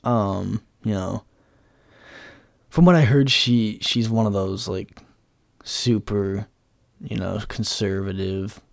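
A man's voice: fairly low pitch, takes it slowly, vocal fry, pauses often, no room sound, studio quality. A young man hosting a talk show, ranting casually in a blunt, sarcastic and profane way, rambling with lots of fillers. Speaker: podcast host.

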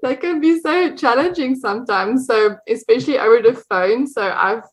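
A woman's voice: fairly high pitch, moderate pace, rough recording. A woman with a South African accent, chatting as an interview guest, laughing often and restarting her sentences. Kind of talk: casual conversation.

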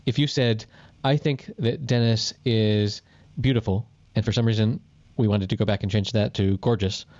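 A man's voice: lowish voice, steady tone, normal speed, darkish tone, dry recording, highs cut off. A man co-hosting a podcast, telling a story in casual chat and swearing freely. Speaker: podcast co-host.

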